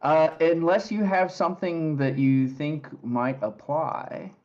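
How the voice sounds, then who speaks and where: A man narrating as game master for a tabletop game, relaxed and halting with many fillers. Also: on the high side, muffled recording.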